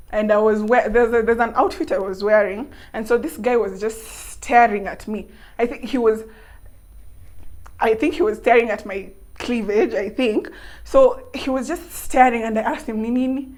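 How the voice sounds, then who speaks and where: A young Kenyan woman vlogger telling a story to camera in an animated, laughing way. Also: fairly high pitch, normal speed. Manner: animated, laughing, mixing in local words.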